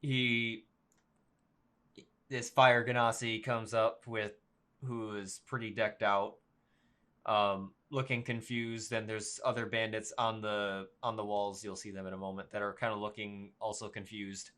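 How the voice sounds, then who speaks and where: Man, low voice, dungeon master, halting, lots of ums, tabletop game narration. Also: little pitch movement, bright, forceful tone. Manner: halting, full of ums and restarts.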